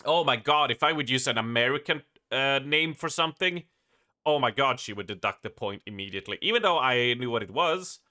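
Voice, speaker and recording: A man's voice: mid-range voice, expressive, brisk, sharp tone. A man from Sweden with a Swedish accent, chatting casually on a live gaming stream, laughing often, swearing and restarting his sentences.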